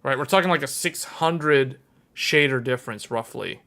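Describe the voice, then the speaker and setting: A man's voice: medium pitch, moderate pace, pushed and bright. A man hosting a tech livestream, casually thinking aloud and correcting himself as he goes.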